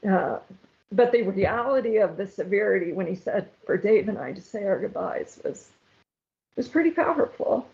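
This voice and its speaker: A woman's voice: on the high side, gravelly, darkish tone. A woman guest telling her own story in an interview, earnest and at times tearful. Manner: emotional, halting, tearful at times. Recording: slightly dull, lo-fi sound.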